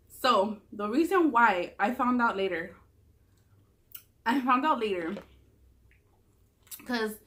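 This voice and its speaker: A young woman with a Southern California accent telling a story casually in a vlog, swearing a lot and acting out quotes in a higher voice. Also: a bit bright. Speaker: vlogger. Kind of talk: casual storytelling while eating.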